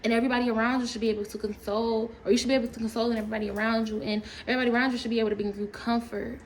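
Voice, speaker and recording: A woman ranting casually to camera, animated and profane, rambling with laughs along the way. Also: a little high, rapid-fire, a little hiss or hum, rough recording. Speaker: storytime creator.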